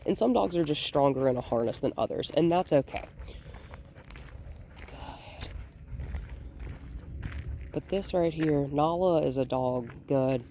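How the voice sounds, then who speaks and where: A woman dog trainer filming a walk outdoors on a hand-held phone, calmly explaining and softly praising the dog. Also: low-pitched, normal speed, few pauses, a little hiss or hum. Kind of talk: hands-on training demonstration. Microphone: phone held in one hand.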